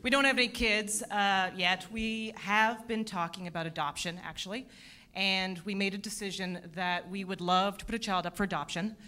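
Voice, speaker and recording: Bright-voiced wry woman comic. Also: mid-range voice, moderate pace, a little hiss or hum. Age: 30s. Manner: self-deprecating, wry, deadpan punchlines. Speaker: stand-up comedian. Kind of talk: stand-up comedy set. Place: theatre stage at a comedy festival.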